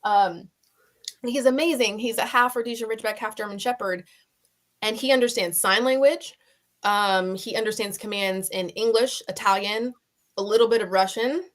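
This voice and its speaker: Woman guest on an interview, lively and expressive, mid-pitch voice. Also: normal speed. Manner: animated, expressive, laughs easily. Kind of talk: interview conversation.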